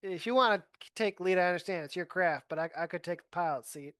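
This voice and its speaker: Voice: mid-range voice, fast, a bit bright, no room sound, clean studio sound. A player in a tabletop game, chatting casually and easily about their moves.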